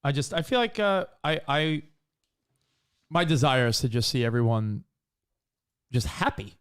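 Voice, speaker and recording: A man co-hosting a casual talk show, telling stories in an earnest, animated way. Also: mid-range voice, a little slow, clear, resonant tone. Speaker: co-host. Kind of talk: casual radio-podcast banter.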